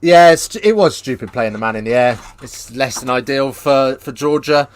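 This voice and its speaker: A man's voice: mid-range voice, normal speed. Casual man hosting a rugby watchalong. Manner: casual, banters with live chat, lifts into excited play-by-play on tries. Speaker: watchalong host. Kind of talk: live watchalong commentary and chat.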